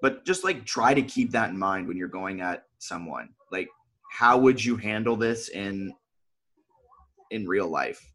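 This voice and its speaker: Husky young man in sports podcast chat. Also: on the low side, expressive, measured pace, fairly bright tone. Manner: rhetorical questions answered himself; talks in loose, repeating run-on phrases. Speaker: podcast co-host.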